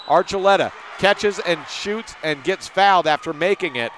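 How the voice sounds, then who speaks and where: On local radio, a man does brisk play-by-play for a high school girls' basketball game, sometimes correcting himself on players' names. His delivery is expressive and slightly bright, with a faint hiss or hum in the background.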